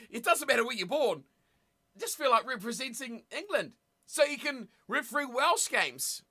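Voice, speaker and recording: A streamer giving casual live commentary at a rugby watch party, chatting with viewers and shouting with excitement at big plays. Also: sits high. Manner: chatty, talks straight to viewers in chat.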